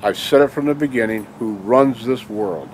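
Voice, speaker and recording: A man's voice: on the low side, moderate pace, slight background noise. An angry man delivering a ranting monologue to his viewers, full of emphatic rhetorical questions and tag "okay?"s. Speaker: video blogger.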